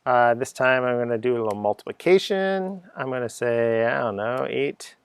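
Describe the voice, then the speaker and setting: A man's voice: mid-range voice, expressive, normal speed, clear, resonant tone, no echo. A middle-aged man giving an unscripted coding lesson, chatty and thinking aloud, humming little sound effects as he types. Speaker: coding teacher.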